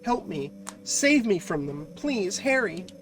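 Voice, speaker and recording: A man's voice: high voice, very animated, slow, a bit bright, pitched above the performer's own voice, exaggerated voice. A man voicing a frightened young nurse in an anxious, pleading way, with music playing behind.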